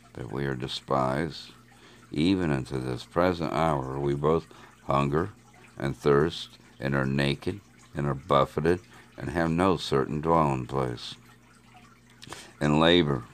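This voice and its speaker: A man reading scripture aloud in a measured, steady way, as a Bible reader. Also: very deep voice.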